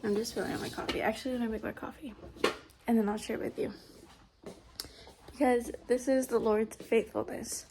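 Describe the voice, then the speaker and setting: A woman's voice: a little high, fairly even intonation, normal speed, pauses often, background noise. Chatty young pregnant woman vlogging. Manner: chatty, many fillers. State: out of breath. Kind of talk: casual pregnancy vlog. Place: home rooms, indoors.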